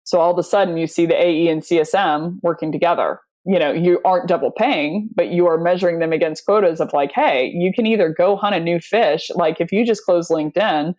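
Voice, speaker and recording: A woman with a somewhat low voice speaks as an interview guest. She talks in a loose, animated storytelling way, full of fillers and quick laughs. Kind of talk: casual interview talk.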